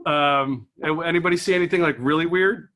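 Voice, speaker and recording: A man's voice: fairly high pitch, a little fast, a bit bright. A man doing stand-up comedy at an office event. He rambles in a chatty way and laughs at his own jokes.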